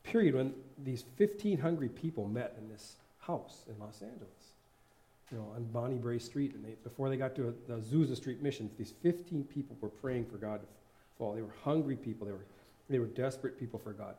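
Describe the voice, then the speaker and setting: A man shares stories from the pulpit of a church sanctuary in a loose, conversational sermon. His voice is mellow and middle-pitched, and he laughs easily while he rambles and corrects himself mid-sentence. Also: a little fast. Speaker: worship leader and lay preacher. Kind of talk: informal sermon.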